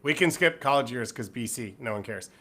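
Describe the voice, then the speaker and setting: Bright, lively joking male co-host. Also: medium pitch, brisk, a little hiss or hum. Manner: joking, teasing, chatty questions. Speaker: podcast co-host. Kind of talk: casual podcast chat.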